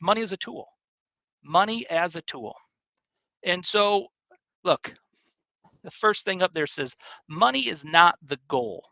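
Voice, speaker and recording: Host, male, earnest teacher; somewhat high voice, dry and a little dull. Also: bright, forceful tone, no echo. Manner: earnest, repetitive, preacherly emphasis. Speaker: show host. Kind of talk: teaching monologue.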